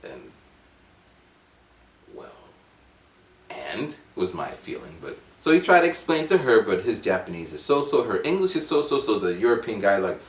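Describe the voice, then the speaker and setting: A man in his forties telling a rambling, animated story at home. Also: lowish voice, moderate pace, pauses often, echoey room. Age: 40s. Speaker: vlogger. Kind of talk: casual storytelling vlog.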